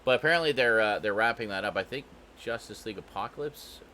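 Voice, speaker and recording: A man's voice: lowish voice, fast talker, bright, forceful tone. A man co-hosting a podcast in casual chat, enthusiastic and laughing often. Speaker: podcast co-host.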